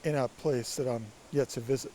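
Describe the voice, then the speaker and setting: Raspy, musing man vlogging outdoors. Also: mid-range voice, steady tone, a little fast, mellow, slight background noise. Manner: musing, speculative, rambling. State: stuffy with allergies. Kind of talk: casual walking vlog monologue. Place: outdoors by a creek.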